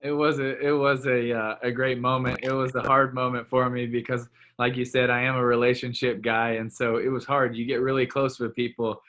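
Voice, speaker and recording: Earnest man with a bright, forceful voice. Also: mid-range voice, level tone, brisk, few pauses. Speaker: former college player, interview guest. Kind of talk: reflective interview answer.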